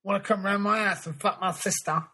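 A man's voice: high voice, fairly even intonation, brisk, bright, forceful tone, slightly rough. A man co-hosting a comedy podcast, rattling off crude one-line jokes while switching to a different regional accent on each line. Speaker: podcast co-host. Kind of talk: comedy sketch doing a quick run of regional accents.

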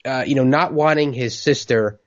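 A man's voice: medium pitch, moderate pace. Man chatting about films, lo-fi sound. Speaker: podcast co-host. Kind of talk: casual film discussion.

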